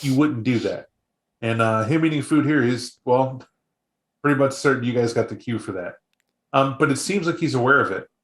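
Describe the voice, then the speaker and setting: A man's voice: mid-range voice, moderate pace. Casual man running a tabletop game, echoey room. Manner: casual, rambling narration with many fillers. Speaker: game master. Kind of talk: narrating a tabletop role-play game.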